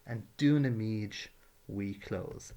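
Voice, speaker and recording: A man's voice: lowish voice, takes it slowly, mellow. A man teaching a patient, step-by-step grammar lesson. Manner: patient, explains carefully, drills verb forms. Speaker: Irish language teacher.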